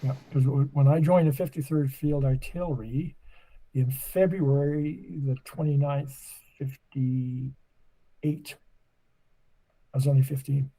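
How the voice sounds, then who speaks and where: A man's voice: medium pitch, steady tone, takes it slowly, dark tone, poor audio. A man in his eighties from Nova Scotia, a podcast guest chatting casually and telling long, rambling stories. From Nova Scotia, Canada. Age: 80s. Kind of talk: casual conversation.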